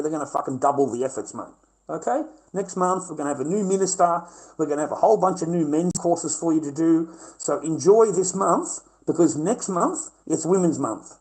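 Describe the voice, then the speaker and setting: Brash, foul-mouthed Australian man, high voice. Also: darkish tone, rough recording. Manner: brash, combative, swearing constantly. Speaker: livestreamer. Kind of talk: profane livestream rant.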